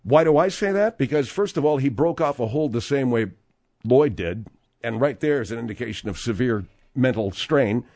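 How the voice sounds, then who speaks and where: Male sports radio host, lively and rambling, dry close mic. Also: mid-range voice, normal speed, no echo. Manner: animated, rambling, with frequent restarts. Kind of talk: sports talk radio banter and news reading.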